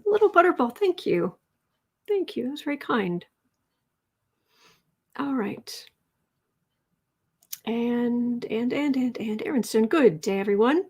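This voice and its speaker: A woman with a somewhat high voice hosts a tarot live stream in a loose, chatty way. She rambles, corrects herself mid-sentence and drifts into quiet muttering as she reads the chat. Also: expressive, a little slow, slightly rough. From Chicago area. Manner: chatty and rambling, with frequent fillers and self-corrections; drops into soft muttering while scrolling the chat.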